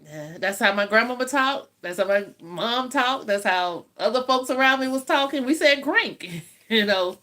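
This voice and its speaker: Bright-voiced older Southern woman. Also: a little high, lively intonation, moderate pace. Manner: chatty storytelling, laughs often. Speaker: host of a live eating stream. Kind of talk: casual chat with live viewers.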